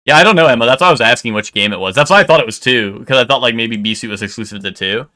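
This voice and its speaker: A man's voice: medium pitch, racing, sharp tone. A man live-streaming, chatting casually with his viewers in a rambling way, full of "like" and "um" and casual swearing.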